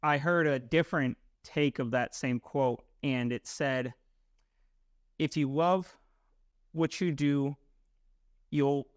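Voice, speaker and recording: A man's voice: medium pitch, takes it slowly, pauses often, no echo, studio quality. A young man co-hosting a podcast, chatting casually in an offhand, laid-back way. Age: young adult. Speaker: podcast co-host. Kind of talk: casual chat.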